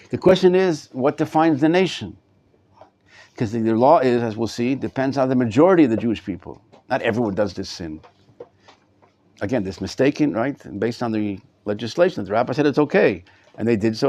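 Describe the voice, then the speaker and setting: In a study hall, a middle-aged rabbi delivers a live Torah class to the students present, repeating words while he pulls his thoughts together. His pitch is average for a man, and his tone leans somewhat dark.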